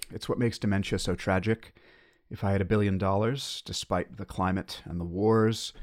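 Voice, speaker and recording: Wry, musing American man, podcast host. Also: lowish voice. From United States. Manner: musing, self-questioning, wry. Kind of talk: reflective solo podcast monologue.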